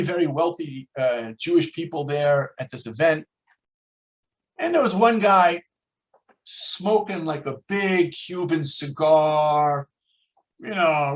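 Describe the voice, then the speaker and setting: An older American man teaching a Torah class over a video call, telling stories and acting out the people in them. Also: on the high side. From United States. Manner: storytelling, lively, acts out quoted voices. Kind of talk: online class lecture.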